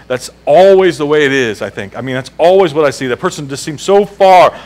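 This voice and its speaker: In a church sanctuary, a male pastor preaches emphatically, repeating key phrases and putting questions to the congregation. His voice is high and a bit bright, and the audio is poor.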